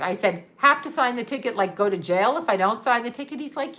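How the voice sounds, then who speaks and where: A woman's voice: on the high side, animated, fairly quick, hardly any pauses, a bit bright. Profane, ranting middle-aged woman. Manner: ranting, profane, laughs often; blunt, sarcastic. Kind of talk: casual storytelling to camera.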